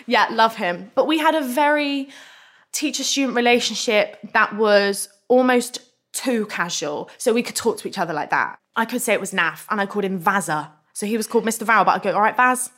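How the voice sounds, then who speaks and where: A young woman, a guest in a casual interview, telling stories frankly, animated and swearing freely. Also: mid-range voice, a little fast. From England.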